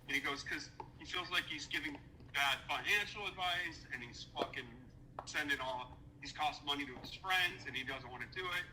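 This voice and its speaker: Fairly high-pitched and speaking at a normal speed, this podcast guest tells a heated story about a business dispute. He curses a lot, sounds indignant, and performs the lines he quotes, with background noise behind him.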